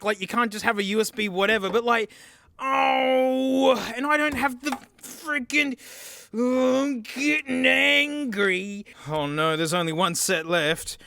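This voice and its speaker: A young man chatting casually in a vlog, slangy and excitable, groaning and yelling as he tests gadgets. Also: very high voice, normal speed, no echo. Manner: excitable, slangy, yells and groans while testing gear. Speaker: tech reviewer.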